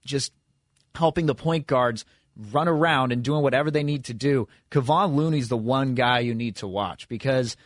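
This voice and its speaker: A man co-hosting a sports radio show in a loose, rambling way, with many stops and restarts as he works through his point. His voice sits at an ordinary pitch. The sound is dry and close to the mic. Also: moderate pace, no room sound. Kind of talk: casual sports radio chat.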